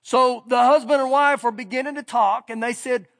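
Preaching a sermon in a strikingly high, fairly bright voice at normal speed, a middle-aged pastor keeps his intonation fairly even. He opens with a folksy, down-home story before pressing his points with rising emphasis, his words echoing with long reverb through a large church hall.

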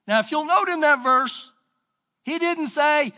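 A man with a Texan accent preaching a sermon as pastor, his voice rising and falling in pitch and loudness. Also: a little slow. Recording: church sermon with long reverb.

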